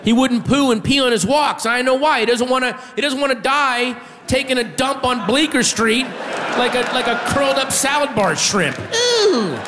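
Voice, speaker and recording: Male stand-up comic, high and animated, shouts punchlines; reverberant club recording, faint audience behind. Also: normal speed, crowd noise, noisy background. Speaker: stand-up comedian. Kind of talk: stand-up comedy set. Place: comedy club stage with audience.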